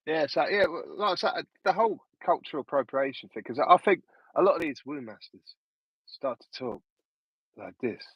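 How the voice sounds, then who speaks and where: A man's voice: on the high side, animated, fairly quick, slightly rough, dry recording, muffled recording. A man hosting a casual livestream chat, telling rambling stories and laughing often. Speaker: host.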